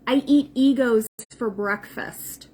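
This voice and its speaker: A woman's voice: a little high, slow, warm tone, slight background noise. A woman hosting a livestream, talking casually and bluntly, with frequent profanity and emphatic repetition. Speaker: spiritual livestream host. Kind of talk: casual unscripted livestream talk.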